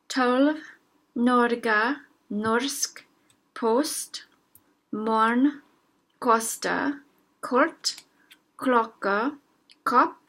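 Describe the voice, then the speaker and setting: Slow, careful woman teaching pronunciation. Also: fairly high pitch, fairly bright tone. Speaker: language teacher. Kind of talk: casual language lesson.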